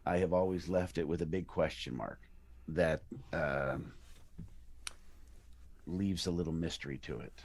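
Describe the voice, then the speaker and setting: A man's voice: a bass voice, measured pace, pauses often. A man, an actor being interviewed, chatting casually and animatedly about his work. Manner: animated, slips into character voices. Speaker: actor guest.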